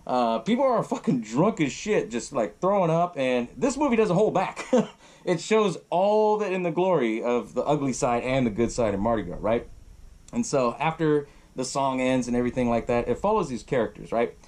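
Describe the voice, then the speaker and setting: A man's voice: mid-range voice, expressive, moderate pace, a little mellow. A man hosting a podcast, casually retelling a horror film and swearing freely while he laughs along. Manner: loose, profane, laughing often. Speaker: podcast host.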